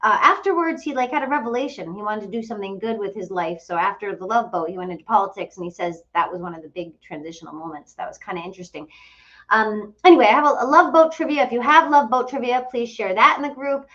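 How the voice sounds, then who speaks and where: A woman's voice: mid-range voice, fast, fairly bright tone, lo-fi sound. A woman casually telling a travel story to her followers, chatty and full of fillers and quoted dialogue. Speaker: host of a travel group channel.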